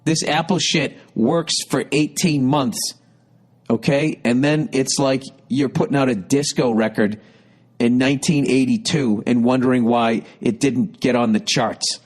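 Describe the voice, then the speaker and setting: A middle-aged podcast host tells a rambling, profane comic story, his exasperated rants swearing heavily and climbing in intensity. His voice is medium in pitch, with fairly even intonation and an unhurried delivery.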